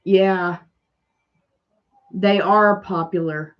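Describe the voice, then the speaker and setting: A woman's voice: medium pitch, a little slow, highs cut off. A woman with a Southern American accent hosting a casual crafting livestream, rambling and answering viewers' comments as she goes. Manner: rambling, chatty, reads and answers live comments.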